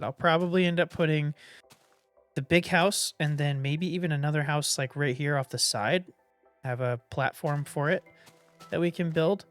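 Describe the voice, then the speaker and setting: A gameplay commentator with a mid-range, slightly bright voice thinks aloud while building in a block-building game. His casual commentary rambles and trails off between ideas, and he hums doop sounds as he works.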